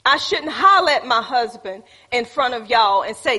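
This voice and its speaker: A woman's voice: fairly high pitch, animated, fairly quick, bright, forceful tone, breathy edge. A woman teaching a church group, preachy and calling on the audience. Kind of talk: teaching talk with congregation.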